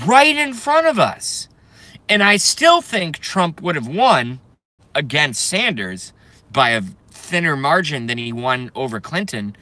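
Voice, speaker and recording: A man from the United States delivering an angry, profane rant to camera, breaking into shouted bursts. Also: high voice, no room sound. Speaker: vlogger.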